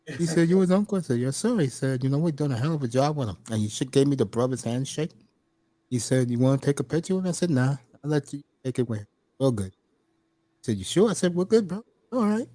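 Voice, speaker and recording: A man's voice: mid-range voice, expressive, fast, warm tone, dry recording. A middle-aged man telling stories casually, mimicking people and laughing often. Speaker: podcast host. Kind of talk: casual storytelling chat.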